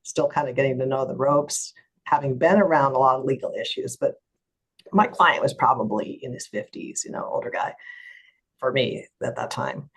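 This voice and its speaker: A woman's voice: rumbling low, normal speed, slightly rough, rough recording. A middle-aged woman lawyer, a guest in an interview, retelling a courtroom story with animation and acting out the voices of others.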